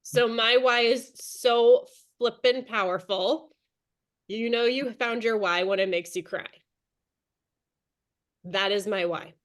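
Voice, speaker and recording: A woman's voice: on the high side, slow, pauses often, fairly bright tone. A woman in her thirties leading an online team training call, chatty and encouraging, calling on attendees by name. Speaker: direct sales team leader.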